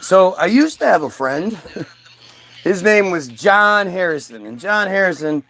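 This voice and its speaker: A man's voice: sits high, very animated, unhurried, fairly bright tone. A man telling a personal story in a casual monologue, rambling and full of fillers and restarts.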